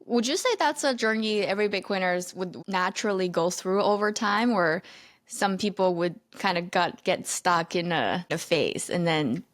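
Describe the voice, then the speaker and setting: A woman's voice: fairly low pitch, normal speed. A woman hosting an interview, asking thoughtful questions with small slips in her phrasing. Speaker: podcast host.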